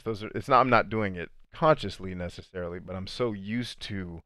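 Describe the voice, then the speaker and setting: Low-voiced man coaching on a livestream. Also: no room sound, studio quality. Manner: animated, shifts between fast bursts and slow deliberate cadence; conversational, addresses viewers as friends and dude. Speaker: life coach. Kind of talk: casual livestream reading viewer comments.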